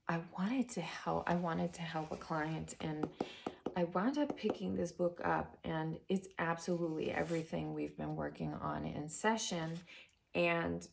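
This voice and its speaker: Woman, tarot reader and spiritual coach; unhurried, raspy-edged, chatty and excited with her viewers. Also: on the low side, background noise. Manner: chatty and enthusiastic, addressing viewers as guys; drops to a whisper while turning cards. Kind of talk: casual tarot reading chat.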